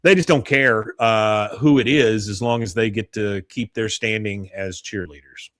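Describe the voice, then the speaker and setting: A man's voice: lowish voice, dry recording. Male podcast co-host, rambling episode recap full of fillers, dry close mic. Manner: halting, many fillers, animated when quoting. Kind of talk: casual recap with acted-out quotes.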